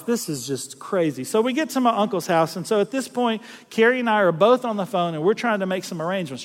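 His voice sits high as he preaches, a middle-aged South Louisianan telling stories in a lively, homespun style. He plays out the voices, laughs at himself, and the sound carries like a big room.

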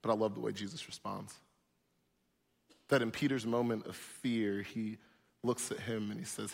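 A man's voice: on the low side, flat delivery, normal speed, gravelly, long pauses, big-room sound. A man preaching a sermon as pastor, emphatic and repetitive, building in force.

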